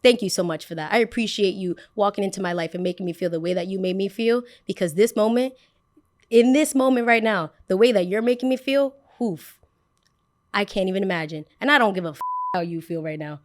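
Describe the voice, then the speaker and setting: A woman's voice: medium pitch, a little fast. Sassy young woman telling a story. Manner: animated, sassy, acts out both sides of a story. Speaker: podcast host. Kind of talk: casual storytelling.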